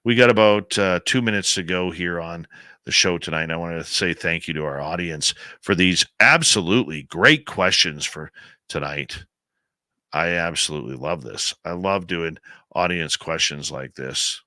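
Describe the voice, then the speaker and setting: A man's voice: low-pitched, normal speed, pushed and bright, no echo. A Canadian man hosting a late-night radio talk show, chatty and enthusiastic, rambling as he tells stories and answers audience questions.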